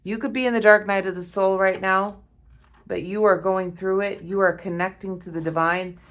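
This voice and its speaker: A woman giving a spiritual tarot reading to her viewers, awed and emotional, repeating herself and often breaking off with a soft "wow.". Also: mid-range voice, fairly even intonation, moderate pace. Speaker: tarot reader.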